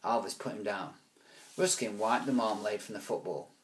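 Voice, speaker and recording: A man reading a children's book aloud, with relaxed, chatty asides. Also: lowish voice, normal speed. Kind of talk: casual read-aloud storytelling.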